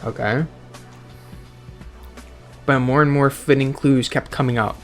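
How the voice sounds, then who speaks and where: A man's voice: medium pitch, fairly even intonation, unhurried. A man giving casual, sarcastic commentary with frequent swearing as he reacts aloud to a game's dialogue. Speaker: let's play gamer. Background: faint game music.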